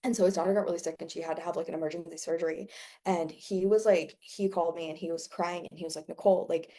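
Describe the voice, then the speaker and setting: Profane, animated woman coach telling a story. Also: on the low side, fast talker. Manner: profane, animated, laughs often. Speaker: business coach. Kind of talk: casual storytelling talk.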